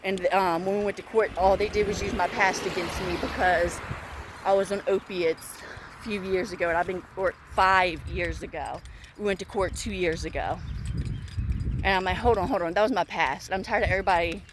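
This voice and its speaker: A woman's voice: lowish voice, steady tone, moderate pace, noisy background. A woman vlogging while she walks outside, venting in an upset, emphatic way and repeating herself. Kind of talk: venting monologue to camera. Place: outdoors, walking in the heat.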